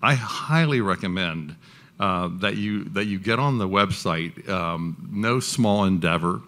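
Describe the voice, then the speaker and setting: Deep-voiced male moderator, rambling. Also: expressive, unhurried, a bit bright. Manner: rambling, hesitant, many ums. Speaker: event moderator. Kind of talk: casual remarks to an audience.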